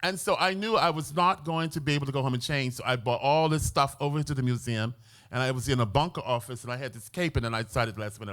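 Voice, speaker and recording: A man's voice: fast, fairly bright tone. An American man speaking as curator on a museum panel, flamboyant and theatrical in manner. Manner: flamboyant and theatrical, swooping pitch. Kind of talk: lively panel talk. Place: museum event hall with audience.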